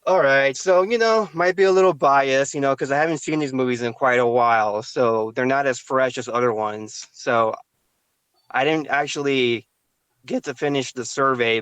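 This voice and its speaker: Laid-back profane man, smooth dry voice. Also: medium pitch, fairly bright tone, dry recording. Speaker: podcast co-host. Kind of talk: casual chat. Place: outdoors by a fast-food restaurant.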